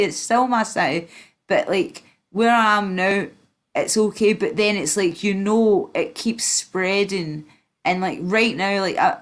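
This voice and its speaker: A Northern Irish woman talks loosely on a livestream in a mid-pitched voice. She rambles, swears freely and leans on "like" and "you know", often restarting her sentences. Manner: rambling, swearing, full of fillers. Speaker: stream host. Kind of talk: casual livestream chat.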